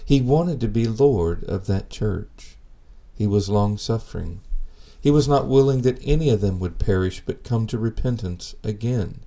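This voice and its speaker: A man preaching a sermon in an earnest, measured way, asking rhetorical questions. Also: lowish voice, expressive, mellow.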